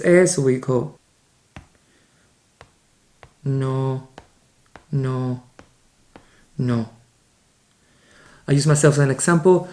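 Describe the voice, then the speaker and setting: A man from Spain with a Spanish accent, teaching a beginners' language lesson in an upbeat way, slowing down for the example sentences. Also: fairly high pitch, mellow.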